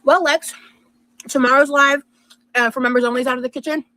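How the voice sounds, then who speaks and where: A woman's voice: sits high, fairly even intonation, a little fast, sharp tone, no room sound, low-quality recording. A woman vlogger chatting casually and reading out viewer messages in an upbeat way. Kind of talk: casual vlog chat.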